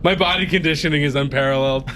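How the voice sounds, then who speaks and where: A man's voice: a little high, quick pace, fairly bright tone, a little hiss or hum. A man playing a tabletop game, joking and laughing as he talks. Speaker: player. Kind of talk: casual game play.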